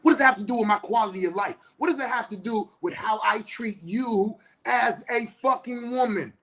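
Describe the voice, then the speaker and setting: A man's voice: high voice, normal speed. Fired-up man with AAVE speech. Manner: passionate, blunt, heavy swearing, rising to shouts. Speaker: spiritual teacher and counselor. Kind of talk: impassioned profane monologue.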